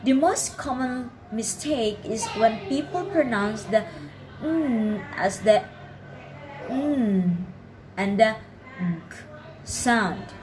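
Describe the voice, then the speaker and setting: A woman, narrating a pronunciation lesson in a careful, clearly enunciated way. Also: on the high side, takes it slowly, hardly any pauses, music in the background, low-quality recording. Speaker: pronunciation teacher. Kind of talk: scripted instructional narration.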